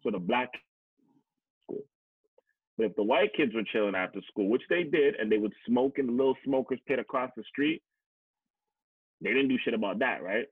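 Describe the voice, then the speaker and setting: A man's voice: medium pitch, lively intonation, normal speed, pauses often, husky, no room sound. A man from Canada telling personal stories in a blunt, emphatic way, swearing and repeating words for stress. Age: adult, past teachers college. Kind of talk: candid conversational storytelling. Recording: tinny phone-like sound, dry.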